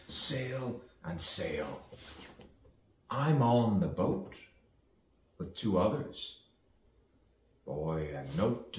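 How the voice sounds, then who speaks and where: Deep-voiced man rambling theatrically. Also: a little mellow, slight background noise. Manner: rambling, theatrical, repeats words and rhymes. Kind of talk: improvised spoken-word musing. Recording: echoey room, distant mic, faint ambience.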